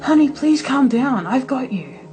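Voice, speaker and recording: A man's voice: very high-pitched, expressive, unhurried, music in the background, pitched above the performer's own voice. A man voicing a worried, relieved mother who soothes her child in a storybook reading. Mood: tender.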